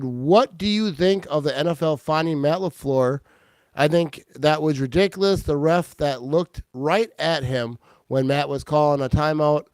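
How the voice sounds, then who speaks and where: A man hosting a casual sports talk show, excitable and quick to laugh, often restarting his sentences. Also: medium pitch, smooth, no room sound. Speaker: podcast host.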